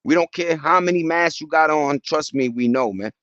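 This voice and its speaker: A man holds forth on a casual livestream, cursing freely and slipping into quick impressions of other people. His voice sits a little high for a man. The sound is dull and dry, like a phone recording made outdoors. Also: no echo. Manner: animated, profane street slang, acts out quotes. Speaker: livestream host.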